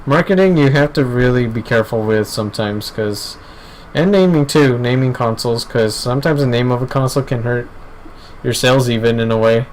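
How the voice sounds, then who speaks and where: A young man hosts a laid-back podcast, rambling through his thoughts with filler words and the odd swear. His voice is mid-pitched, with faint hiss behind it. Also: a little fast, a little mellow, rough recording. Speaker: podcast host. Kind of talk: casual podcast chat. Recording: faint background noise.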